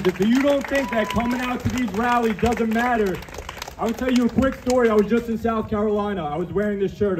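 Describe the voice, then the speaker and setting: High-voiced man, emotional rally speech, halting restarts, outdoors, faint street noise. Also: warm tone. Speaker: rally speaker, firefighter.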